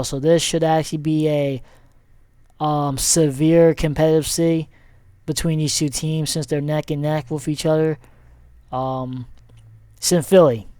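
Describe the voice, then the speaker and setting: Man, sports vlogger, casual recap; smooth clear voice, unhurried, chatty and full of fillers. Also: on the high side, darkish tone, no echo, clean studio sound. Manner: rambling, many fillers and self-corrections. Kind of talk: casual sports recap over a shared screen.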